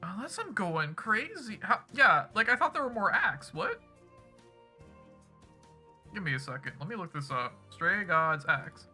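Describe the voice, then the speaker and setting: Bright-voiced male streamer chatting casually. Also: high-pitched, very animated, unhurried, pauses often. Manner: rambling, casual, swears freely. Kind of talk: casual end-of-stream chat. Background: music playing in the background.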